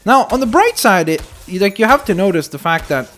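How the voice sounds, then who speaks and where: Young man, gameplay commentary, animated exclaiming, lively swooping pitch, slightly high voice. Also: a little fast. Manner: animated, exclaims at setbacks, jokey asides.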